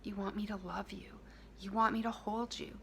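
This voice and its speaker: A woman giving a heartfelt self-help talk to her viewers, speaking softly and intimately, dropping at times to a whisper and repeating key phrases. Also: mid-range voice, level tone, normal speed, gravelly, slight background noise.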